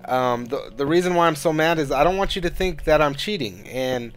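A man's voice: fairly high pitch, expressive, a little fast. A man hosting his own gaming channel, talking through a let's-play in a frustrated, rambling way and swearing a lot. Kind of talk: casual let's-play commentary.

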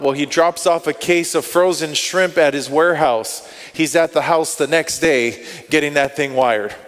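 A male pastor telling stories in a sermon, animated, acting out what people said and thought. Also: fairly high pitch. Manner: animated, acts out quotes and inner thoughts. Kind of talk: storytelling sermon. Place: church sanctuary. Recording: long hall reverb.

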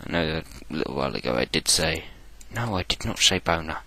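Deep gravelly Essex gamer. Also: male voice, expressive, a little fast, bright, forceful tone. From England. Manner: irreverent, joking, talks to himself. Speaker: gaming channel host. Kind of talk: rambling game commentary.

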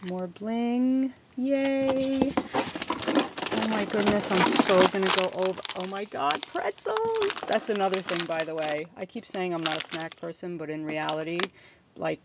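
A woman's voice: mid-range voice, animated, unhurried. A middle-aged woman unboxing a gift package in a vlog at her home desk, gushing with effusive thanks. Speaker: crafting vlogger. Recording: noisy home recording with paper rustling.

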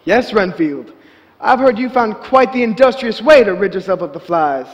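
A man playing a formal, high-voiced asylum doctor. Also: lively intonation. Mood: composed. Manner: formal, measured, clipped diction. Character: proper male asylum doctor, formal and curious. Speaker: stage actor. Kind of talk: live stage acting. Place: theatre stage. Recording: stage voice with long theatre reverb.

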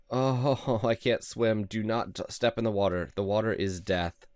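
Low-voiced gamer man, excitable. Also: moderate pace, hardly any pauses, dry recording. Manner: excitable, yelps and laughs at the game. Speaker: gaming video host. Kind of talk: casual let's play commentary.

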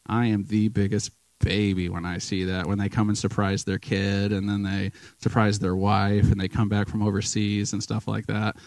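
Guy preaching in church, kinda low and gravelly, rambly emotional storytelling, dry sound. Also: monotone, normal speed, hardly any pauses, darkish tone, no echo, poor audio. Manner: rambling, emotional, full of restarts and fillers. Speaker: guest preacher. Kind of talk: casual sermon storytelling.

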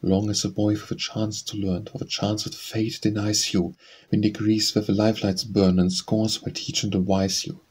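A man reciting poems for an audiobook in a steady, measured reading style. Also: lowish voice, slightly rough. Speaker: audiobook reader. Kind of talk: poetry recitation.

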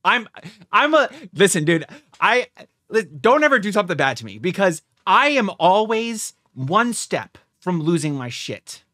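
Lively, bright-voiced young man reacting. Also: high-pitched, unhurried, no echo, studio quality. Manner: excitable, swears freely, thinks out loud. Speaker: reaction video host. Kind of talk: casual reaction commentary.

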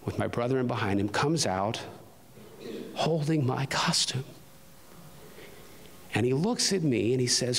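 Male pastor, mid-pitched, earnest storyteller turning fervent; preaching in a church with long reverb. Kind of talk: personal testimony sermon. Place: church sanctuary. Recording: long reverb of a large hall.

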